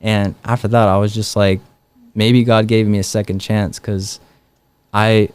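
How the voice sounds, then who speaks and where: Smooth-voiced young man telling stories. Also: on the low side, measured pace. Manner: relaxed, many fillers like "like" and "um". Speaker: guest. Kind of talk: casual storytelling interview.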